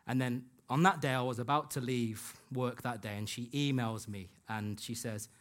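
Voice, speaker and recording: A man's voice: mid-range voice, steady tone, moderate pace, hardly any pauses. A man preaching a sermon in a church, telling a personal story in an earnest way and acting out the dialogue he quotes. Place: church hall.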